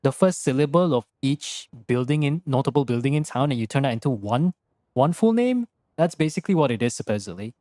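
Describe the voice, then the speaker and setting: Rambling, animated young male streamer. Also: medium pitch, a little fast, no echo, studio quality. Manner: rambling, jokey, swears freely, laughs often. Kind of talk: casual live-stream chat while gaming. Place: his own room.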